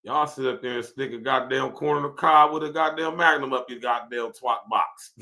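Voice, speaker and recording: Man ranting on a podcast, bright voice. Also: mid-range voice, moderate pace. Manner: profane, animated, laughs often; reads viewer comments aloud. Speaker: podcast host. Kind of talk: casual livestream rant.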